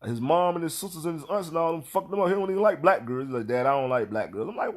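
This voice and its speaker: A man in his thirties speaking tells a casual, profane story about his children. He circles back over his own words and acts out the other people in the story. His voice sits a bit high for a man. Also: quick pace, hardly any pauses. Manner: animated, profane, repeats himself, acts out quotes. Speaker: father telling stories.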